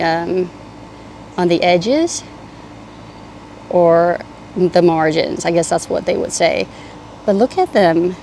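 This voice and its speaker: A woman's voice: fairly low pitch, a little mellow. A woman giving a casual, enthusiastic tour of her garden, chatty with small restarts. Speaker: garden vlogger. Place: outdoor home garden. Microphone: clip-on mic. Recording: outdoor mic with faint AC hum. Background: air conditioner hum.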